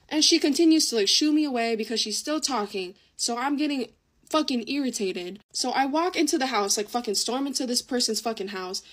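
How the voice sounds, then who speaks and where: A woman's voice: high voice, lively intonation, brisk. Chatty teen girl telling a story. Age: teens. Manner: chatty, swears often, acts out quotes. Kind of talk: casual storytime vlog.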